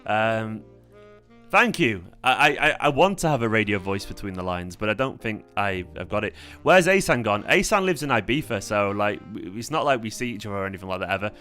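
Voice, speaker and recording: A man's voice: on the low side, expressive, fairly quick, pushed and bright. A young man, hosting a fan channel livestream in a casual, rambling chat, his voice tired. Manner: rambling, laid-back, chatty with fillers. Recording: faint guitar music behind.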